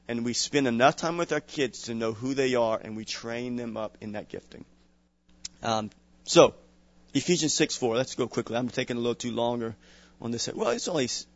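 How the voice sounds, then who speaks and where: Man, middle-aged, pastor; chatty sermon delivery, mid-pitched voice, muffled low-fidelity sound. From Louisiana. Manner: conversational preaching with chuckles and restarts. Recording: dull lo-fi sound.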